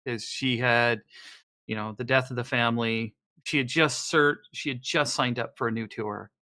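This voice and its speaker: A man playing a tabletop game, describing what his character thinks and does. His voice is bright and forward, at an average pitch. He talks haltingly, with lots of fillers and restarts. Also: steady tone. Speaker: player.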